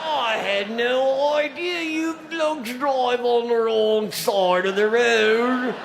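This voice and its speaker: A man's voice: very high-pitched, vocal fry, full character voice. A man doing a goofy redneck puppet faking British. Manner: goofy, drawn-out mock-British delivery. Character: dim-witted male redneck puppet faking British accent. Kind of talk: stand-up ventriloquist comedy. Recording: echoey live comedy venue recording with noise.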